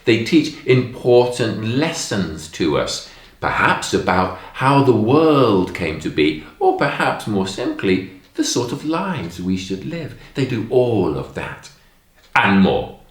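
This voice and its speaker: Speaking slowly in a lowish voice, a man narrates stories to young children in a lesson, with a roomy sound to the recording. His delivery is expressive and emphatic as he acts out the story's lines.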